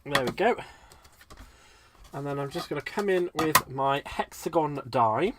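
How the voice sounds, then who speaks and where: A man's voice: a little high, animated, unhurried, very noisy. A British man hosting a live crafting tutorial in a chatty way, talking viewers through each step while a bit stuffy from a cold. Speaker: crafting livestream host.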